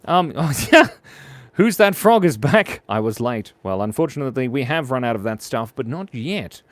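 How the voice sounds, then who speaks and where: A man's voice: medium pitch, animated, moderate pace, dry recording. A man hosting a live drawing stream, chatting playfully and reading out viewer comments as he draws. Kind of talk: casual live-stream chat while drawing.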